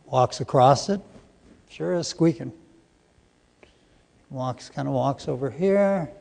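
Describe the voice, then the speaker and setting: A man's voice: medium pitch, slow, vocal fry, dark tone. A middle-aged man giving a live training seminar, joking and quizzing the audience, recorded in a conference hall. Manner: jokey, interactive with the audience. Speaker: seminar presenter. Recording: long hall reverb.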